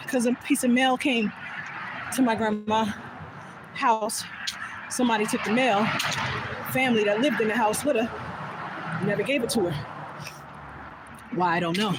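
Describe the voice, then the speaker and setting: A woman's voice: on the high side, normal speed, long pauses, heavy background noise. A woman vlogging while walking outdoors, telling an emotional story in a casual way, laughing often and sometimes dropping to a whisper. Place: outdoors, walking back from voting.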